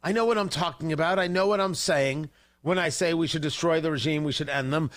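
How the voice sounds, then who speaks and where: A man's voice: fairly high pitch, brisk, fairly bright tone. A male host giving heated, sarcastic political commentary on a livestream, ranting and mocking.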